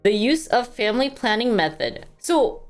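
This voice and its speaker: A woman's voice: a little high, sing-song, normal speed, faint music behind. A woman live streamer chatting casually and reading news aloud. She thanks donors and stumbles over hard words.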